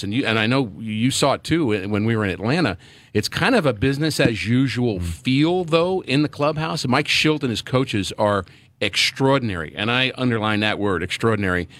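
A man's voice: medium pitch, a bit bright, dry recording. A middle-aged man, a former player turned radio broadcaster, talking earnestly in a sports radio pregame chat with many fillers and restarts.

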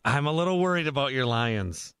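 A man hosting a call-in sports radio show, animated and quick to jump in on callers. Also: medium pitch, smooth, no room sound, studio quality. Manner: animated, talks over callers.

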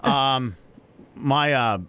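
A man's voice: mid-range voice, extremely slow, bright, forceful tone, smooth. A man, co-hosting a morning show in a laid-back, jokey way. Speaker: radio show co-host. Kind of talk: casual morning show chat.

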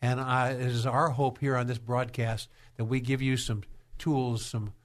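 A man's voice: medium pitch, level tone, measured pace. A man hosting a Christian radio talk show, speaking in a folksy way and often repeating his words. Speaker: radio host.

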